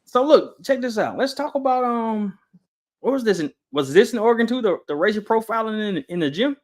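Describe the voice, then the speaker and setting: A woman's voice: a little high, lively intonation, brisk, darkish tone. A woman hosting a podcast in a casual, folksy way. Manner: folksy, calls herself country talking. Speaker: podcast host.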